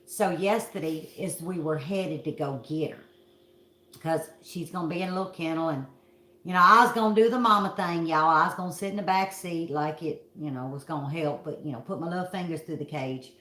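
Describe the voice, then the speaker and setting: A woman's voice: deep voice, brisk, sharp tone, reverberant. A middle-aged woman from Kentucky with a Southern accent, telling a story to her viewers in a folksy, dramatic way. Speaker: vlog host.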